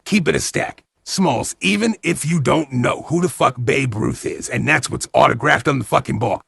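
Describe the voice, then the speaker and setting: A man's voice: medium pitch, vocal fry, a bit bright, breathy edge, no echo, clean studio sound. A man doing a profane, slangy comedy recap of a movie, with mock-outraged asides.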